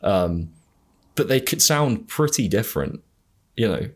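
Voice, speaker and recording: A man's voice: lowish voice, very animated, unhurried, slightly rough. A man with a generic southern English accent, hosting a podcast in casual chat, rambling and hesitant with frequent laughs. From England. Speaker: podcast host.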